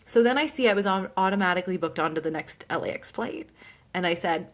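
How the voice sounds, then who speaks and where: A woman's voice: fairly low pitch, quick pace. Young woman telling a story animatedly. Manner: animated, laughing, quoting others. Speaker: podcast co-host. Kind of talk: casual storytelling.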